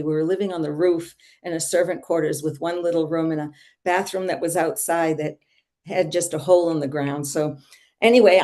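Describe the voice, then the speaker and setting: An older woman telling a personal devotional story to a reading group, earnest and animated. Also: on the low side. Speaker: devotee sharing testimony.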